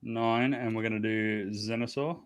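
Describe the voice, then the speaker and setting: A man's voice: fairly low pitch, fairly even intonation, normal speed, smooth. A man acting as game master of a tabletop game, chatty and self-deprecating, often restarting his sentences.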